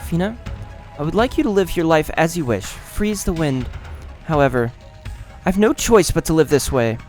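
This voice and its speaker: A man voicing a sorrowful young woman with wings in a game, quiet and resigned. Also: on the high side, animated, normal speed, faint music behind, voice pushed up, close to an everyday voice. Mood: somber.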